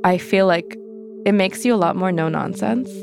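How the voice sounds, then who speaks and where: A woman's voice: medium pitch, normal speed, gravelly, music in the background. A young adult woman telling her personal story as an interview guest, candid and conversational, full of fillers. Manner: conversational, many fillers, acts out quoted voices.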